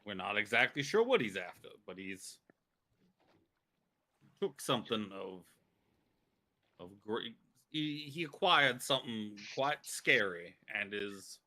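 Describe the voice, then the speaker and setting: A man's voice: on the low side, sing-song, slow, long pauses, bright, forceful tone. A man playing a tabletop game, hesitant and stumbling, turning formal when speaking in character. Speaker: player. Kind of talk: casual tabletop role-play.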